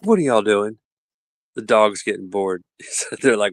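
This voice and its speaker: A man hosting a podcast, chatting casually and telling animated stories with frequent laughter. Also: fairly low pitch, normal speed, no echo. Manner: animated storyteller, laughs often. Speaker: podcast host. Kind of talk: casual chat.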